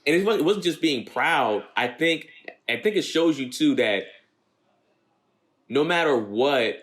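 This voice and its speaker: A man's voice: on the high side, lively intonation, measured pace, a bit bright. A man co-hosting a podcast from home, talking earnestly and casually with slang about an anime. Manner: laid-back, earnest, heavy slang and swearing. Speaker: podcast co-host.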